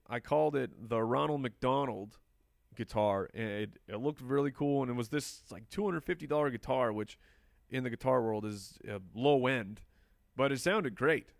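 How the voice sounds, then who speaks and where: Gravelly-voiced man chatting on a live stream. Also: medium pitch, no echo, studio quality. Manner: chatty, answers viewer questions while drafting. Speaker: fantasy football podcast host. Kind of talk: live-stream casual commentary and chat.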